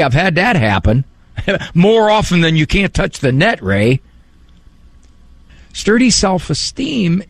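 A man who is a psychologist, giving a casual talk on parenting and faith, animated and fond of mimicking voices for humor. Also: on the high side, vocal fry, no echo. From Italian heritage.

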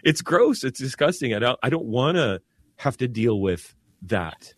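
Animated Catholic priest, lively pitch. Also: male voice, normal speed. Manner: earnest, animated, many restarts. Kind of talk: casual religious discussion.

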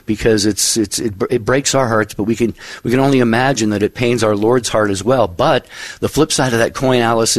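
A man's voice: on the low side, dry recording. Man, radio host, earnest, encouraging, dry studio sound. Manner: earnest, encouraging, repeats phone number slowly. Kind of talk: call-in radio talk.

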